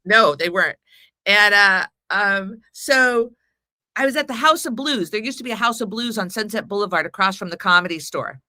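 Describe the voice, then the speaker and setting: A woman's voice: medium pitch, moderate pace, sharp tone, no echo, studio quality. A woman in her forties telling a long personal story as a podcast guest, rambling and acting out what people said. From Mexican heritage. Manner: rambling anecdotal storyteller, acts out quotes. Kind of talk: casual storytelling chat.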